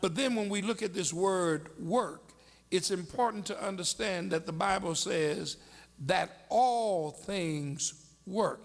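A man preaching a sermon in a church, his voice high and gravelly with plenty of fry. He speaks slowly and deliberately, then swells into shouted lines and call-and-response with the congregation, all carried on a long hall reverb. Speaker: pastor.

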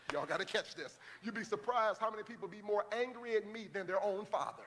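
High-voiced preacher in a reverberant church. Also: male voice. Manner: preaching, rising to shouted call-and-response. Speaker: pastor. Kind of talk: sermon. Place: large church.

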